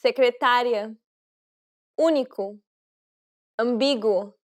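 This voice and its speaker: A woman modeling single words in a slow pronunciation drill, careful and deliberate. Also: a little high. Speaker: native speaker model.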